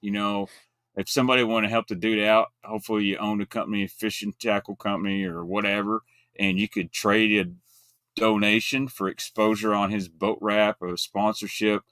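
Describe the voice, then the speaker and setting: A lowish-voiced man talks bluntly in casual, folksy chat. His delivery comes in quick bursts, and the sound is dry and close. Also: little pitch movement, fairly bright tone, clean tone, no room sound. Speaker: guest co-host.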